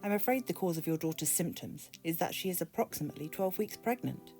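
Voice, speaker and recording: A woman's voice: lowish voice, expressive, fast talker, dark tone, soft background music. A British woman reading a patient male doctor. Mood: measured.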